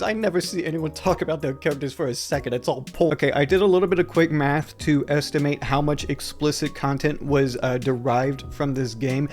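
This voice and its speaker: A young man talks through a video essay in a slightly high voice, with a sarcastic, exasperated edge. He rants casually, piling up asides. Faint music plays under his voice-over. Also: a little mellow. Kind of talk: conversational video essay narration.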